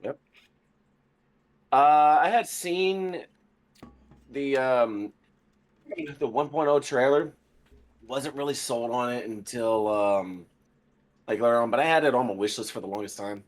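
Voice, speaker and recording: A man who is a guest on a gaming podcast, talking in a relaxed, chatty way with lots of fillers. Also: medium pitch, measured pace, pauses often. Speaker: podcast guest, military veteran. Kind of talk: casual gaming podcast chat.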